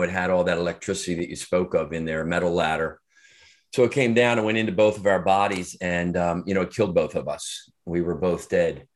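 A middle-aged man with a very low, deep voice speaks as an interview guest. He tells his story earnestly and reflectively, often restarting sentences and pausing on fillers.

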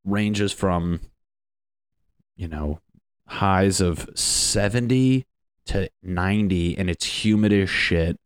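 A man's voice: deep voice, slow pace, clear, resonant tone, no room sound, clean studio sound. A young man from Connecticut talking in a rambling, joking monologue full of swearing. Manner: profane, joking, meandering. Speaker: vlogger.

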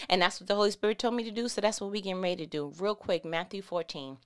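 A woman's voice: mid-range voice, quick pace, few pauses, clean tone. A woman giving a casual Bible teaching. She reads scripture aloud and breaks into playful, slangy asides.

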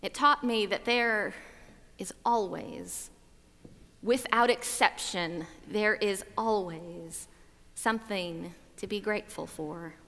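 A woman tells a personal story at an unhurried, measured pace, letting each line settle. Her voice is bright and a little high. A long hall reverb trails behind her words. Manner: slow, reflective, measured delivery. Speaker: speaker. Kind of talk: storytelling talk on gratitude.

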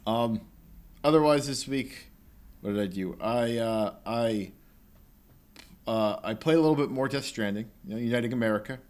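A young man with a mid-range voice co-hosts a casual podcast, talking about a video game. He's animated and rambling, full of filler and quick quoted bits.

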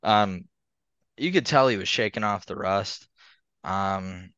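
A man's voice: deep voice, slow pace, a bit bright, clear, resonant tone, no room sound. A man co-hosting a podcast, rambling through a casual sports chat and laughing between points. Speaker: podcast co-host. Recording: slightly muffled lo-fi audio.

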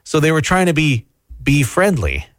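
A young man co-hosting a radio show with a teasing, deadpan wit. His voice sits a bit high for a man and swings through a lively pitch range. The sound is close and dry. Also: normal speed, no echo. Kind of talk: casual on-air banter.

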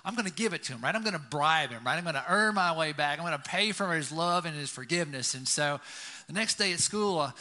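A man's voice: a little high, lively intonation, fast, bright, forceful tone. A man giving a conversational sermon, telling stories and often checking in with his listeners by asking "right?". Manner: storytelling, keeps asking "right?". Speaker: pastor.

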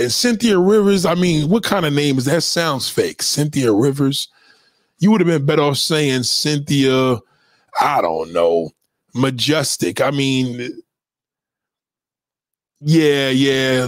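Animated, profane man with a lively voice. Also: medium pitch, no room sound, clean studio sound. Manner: animated, profane, mocking commenters. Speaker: livestream host. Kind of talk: casual livestream rant.

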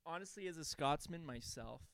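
A man's voice: on the high side, lively intonation, fairly quick, fairly bright tone. A young man co-hosting a podcast, joking around in crude casual banter and laughing often. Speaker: podcast co-host.

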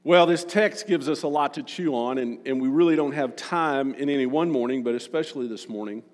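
A man's voice: medium pitch, brisk. A male pastor giving a sermon, reading scripture aloud and breaking in with casual, joking asides. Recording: long reverb of a large room.

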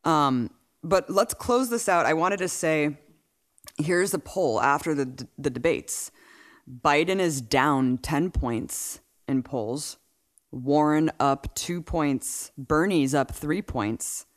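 A man co-hosting a podcast, chatting casually about politics, incredulous and animated as he retells events. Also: on the high side, slow. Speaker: podcast co-host.

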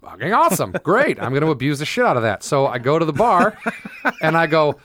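A man's voice: a little high, big pitch swings, brisk, a bit bright, dry recording, clean studio sound. A man co-hosting a podcast as a comedian, telling crude stories with acted-out quotes in a casual chat.

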